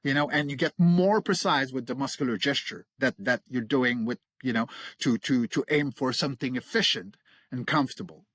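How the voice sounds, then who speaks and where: Speaking at a moderate pace in a mid-range, fairly bright voice, a middle-aged creature voice coach explains vocal technique as an interview guest. He's enthusiastic and explanatory, laughing readily. The studio-quality recording has no echo.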